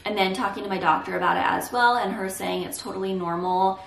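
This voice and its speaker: A woman's voice: mid-range voice, fast talker, vocal fry, distant mic. A young woman talking candidly and reassuringly to camera in a casual vlog. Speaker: vlogger. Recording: roomy echo, a bit off the mic.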